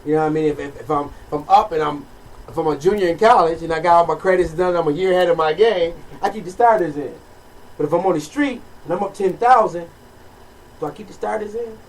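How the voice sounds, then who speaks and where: A man co-hosting a podcast, explaining life lessons in a rapid, repetitive way and often asking whether he is understood. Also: on the high side. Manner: rapid, repetitive, keeps asking "you know what I mean". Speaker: podcast co-host. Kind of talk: casual chat, preaching life lessons. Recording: distant mic with faint background noise.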